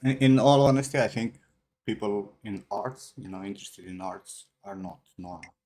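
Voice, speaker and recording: A man's voice: fairly low pitch, moderate pace, warm tone. Teasing, foul-mouthed man. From Norway. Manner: teasing, swears freely, laughs often. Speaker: art mentor hosting a voice chat. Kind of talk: casual voice chat banter.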